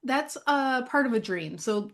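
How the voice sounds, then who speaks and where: A woman's voice: high-pitched, expressive, unhurried, a bit bright. A woman co-hosting a podcast, recapping a movie in a casual, chatty way with dry humor. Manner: wry, chatty. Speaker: podcast co-host.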